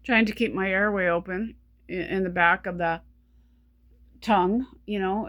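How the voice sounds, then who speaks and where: A woman speaking in a personal video diary, short of breath while talking, halting and stumbling with many restarts, weary and subdued. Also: medium pitch, a bit bright, no room sound. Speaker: vlogger.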